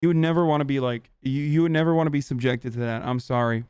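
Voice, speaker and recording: A man streaming live, ranting heatedly at his chat with lots of swearing and halting restarts. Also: medium pitch, fairly even intonation, darkish tone, smooth, no room sound. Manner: profane, agitated, halting restarts.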